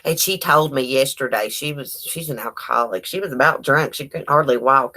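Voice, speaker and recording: A woman, chatting casually on a livestream and telling animated stories full of quoted dialogue. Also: rumbling low, normal speed. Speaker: livestream host.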